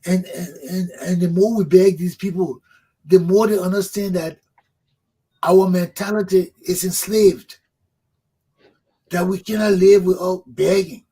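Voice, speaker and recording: A man's voice: sits high, steady tone, a little slow, pauses often, warm tone, breathy edge, low-quality recording. A man, hosting a talk show, delivering a fervent political monologue that preaches, repeats points for emphasis and swears. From Liberia.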